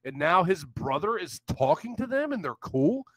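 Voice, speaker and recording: A young man rants on a live stream, loud and profane, mocking with bursts of laughter. His voice sits high and swings widely in pitch. The sound is dry and close. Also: sing-song, normal speed, dry recording. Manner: loud profane ranting, frequent swearing, laughing mockery. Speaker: livestream host.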